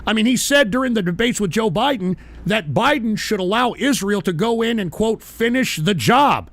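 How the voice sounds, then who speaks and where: A male radio host ranting live at trolls in his chat, swearing and yelling, then sighing to calm himself. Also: high-pitched, moderate pace. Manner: swings between fury and sighing calm. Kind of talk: live call-in style radio rant.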